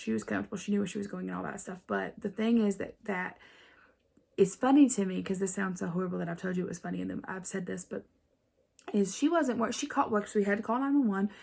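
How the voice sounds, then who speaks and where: Woman, Appalachian accent, gravelly fry, rambling casual vlog chat. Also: mid-range voice, fairly quick, darkish tone. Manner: rambling, chatty, many fillers. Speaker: vlogger. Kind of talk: casual storytelling to camera.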